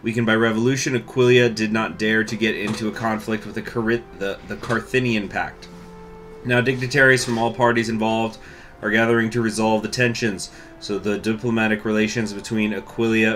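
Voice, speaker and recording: Low-voiced man with hiccups playing a game. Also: level tone, brisk, a bit bright. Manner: chatty, thinking aloud, with throat clearing and coughs. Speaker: gaming YouTuber. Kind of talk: casual let's-play commentary.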